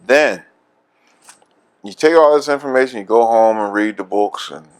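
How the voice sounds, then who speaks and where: A man's voice: fairly low pitch, moderate pace, clear, resonant tone. Man, Philadelphia accent, oral history interview, candid storyteller, laughs a lot. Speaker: veteran interviewee.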